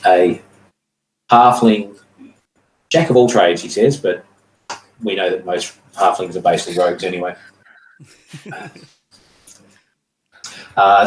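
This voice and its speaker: A man narrating as game master of a tabletop game, halting and filling pauses with ums and uhs. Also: low-pitched, recorded from a distance, a little hiss or hum. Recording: echoey room.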